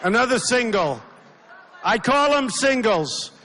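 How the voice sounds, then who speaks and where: With a very high-pitched, sing-song, bright, and forceful voice, a man in his sixties speaks slowly at a campaign rally. He is a political candidate speaking off the cuff, emphatic and repetitive, interrupted by hecklers. The large indoor venue sounds reverberant, with faint crowd noise.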